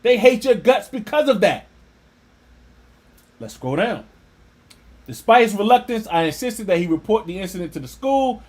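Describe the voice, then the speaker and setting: A man reading an article aloud and breaking off into scornful, animated religious commentary. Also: high-pitched, moderate pace, long pauses. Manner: animated, scornful asides with laughter. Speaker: religious teacher.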